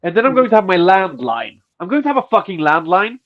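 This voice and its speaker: A man's voice: high voice, fast talker, lo-fi sound. A man co-hosting a podcast in casual chat, ranting and swearing, with a stuffy nose. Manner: profane, ranting, animated. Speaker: podcast co-host.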